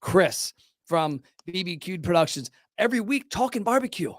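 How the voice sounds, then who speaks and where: Man, podcast host, energetic, salesy, motivational, fairly high voice, dry studio sound. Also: dry recording. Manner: energetic, animated, talks in quick bursts. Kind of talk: casual podcast conversation.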